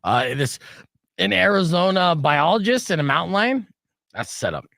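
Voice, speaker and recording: A man's voice: high voice, big pitch swings, normal speed, gravelly, bright, forceful tone, no echo, studio quality. A man hosting a live-streamed podcast who laughs often and chats loosely. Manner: laughs often, loose, chatty, uses fillers. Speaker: podcast host. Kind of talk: casual live-stream chat. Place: studio.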